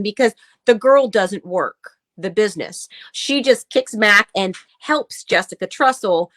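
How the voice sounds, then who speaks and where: A woman's voice: fairly high pitch, moderate pace, fairly bright tone, no room sound. A woman co-hosting a casual talk show, ranting bluntly and swearing as she reads posts aloud. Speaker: podcast co-host. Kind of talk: casual chat.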